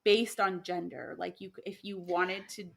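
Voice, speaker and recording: A woman's voice: on the low side, steady tone, moderate pace, vocal fry. A woman co-hosting a podcast, chatting casually about old stories, with lots of fillers, restarts and laughter. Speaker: podcast co-host sharing myths. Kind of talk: casual conversational chat.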